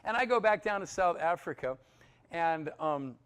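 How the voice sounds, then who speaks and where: Animated man telling his testimony. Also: a little high, moderate pace, clean tone. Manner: animated, acts out voices in his stories. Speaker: testimony speaker. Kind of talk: personal testimony storytelling.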